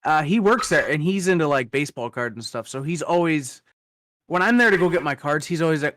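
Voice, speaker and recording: A man in his thirties co-hosting a podcast, relaxed and rambling, with lots of "like". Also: fairly high pitch, fairly quick, slight background noise. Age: 30s. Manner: relaxed, rambling, full of "like" fillers. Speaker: podcast co-host. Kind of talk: casual chat.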